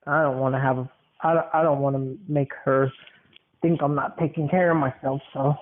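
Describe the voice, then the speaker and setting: A man hosts a casual podcast, and his voice comes through thin and tinny, like a phone line. He rambles loosely, repeats words, and fills pauses often. His pitch is average for a man. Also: fairly even intonation. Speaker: podcast host.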